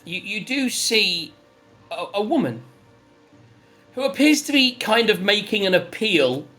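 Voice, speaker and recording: A woman narrating a tabletop game as game master in an unhurried, descriptive way. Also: on the low side, fairly bright tone.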